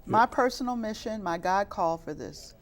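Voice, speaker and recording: A woman's voice: mid-range voice, expressive, normal speed. A middle-aged woman from Chicago who works as a youth minister, telling her life story in an interview and rising into fervent, preaching-style passages. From west side of Chicago. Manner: earnest, rises into fervent preaching. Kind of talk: interview testimony.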